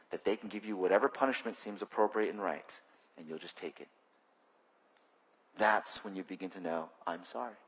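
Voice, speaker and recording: A male pastor preaching a sermon, lively and acting out quoted voices, swinging between loud bursts and hushed asides. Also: mid-range voice. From New England. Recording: long hall reverb.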